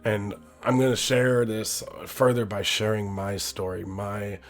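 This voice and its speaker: Podcast host, young man from Wisconsin, earnest personal monologue, stumbles and restarts, slightly low pitch. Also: level tone, soft background music. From Wisconsin, USA. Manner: earnest, halting, restarts sentences.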